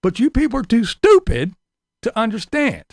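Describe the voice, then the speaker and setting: Gravelly, sarcastic ranting man. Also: extremely high pitch, huge pitch swings, normal speed, darkish tone, no echo, studio quality. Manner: profane, sarcastic, combative. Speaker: vlogger. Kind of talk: ranting monologue to camera.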